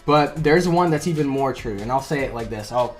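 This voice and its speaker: A man's voice: mid-range voice, animated, fairly quick, faint music behind. An American man as a guest in a casual interview, talking in an easygoing, joking way. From United States. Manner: easygoing, joking, laughs between sentences.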